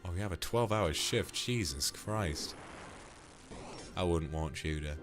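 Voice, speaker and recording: A man's voice: deep voice, over music. A man streaming a game, chatting casually, thanking donors playfully and ranting with the odd curse. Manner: reads out donations with quick thanks, playful and flirty; swears freely and gets loud when ranting. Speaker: livestreamer. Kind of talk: casual livestream chat while gaming.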